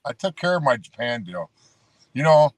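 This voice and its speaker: A man spins a loose, rambling yarn about his wrestling days, dropping "brother" and "you know" as he goes. His voice sits in a middle pitch. The sound is dry and close, with no room around it. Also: sing-song, normal speed, no echo. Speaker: guest, former pro wrestler. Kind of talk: casual storytelling.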